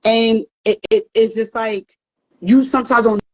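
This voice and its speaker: Woman, higher voice, emphatic and repetitive, dry dull recording. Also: fairly even intonation, unhurried, no echo. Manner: earnest, emphatic, repeats words and restarts. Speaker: therapist host. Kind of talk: casual advice talk.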